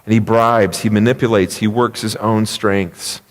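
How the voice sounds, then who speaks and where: A man's voice: lowish voice, fairly even intonation, a little slow. A man preaching a sermon, telling stories in a conversational, emphatic way. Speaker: pastor. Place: church sanctuary. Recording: long reverb of a church hall.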